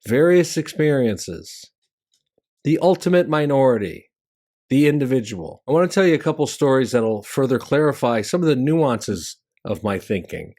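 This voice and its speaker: A middle-aged man, a stand-up comedian and show host, telling stories about the craft in a conversational monologue that leaps up in pitch for punchlines. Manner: animated storyteller who jumps high in pitch for punchlines; conversational, with fillers and restarts.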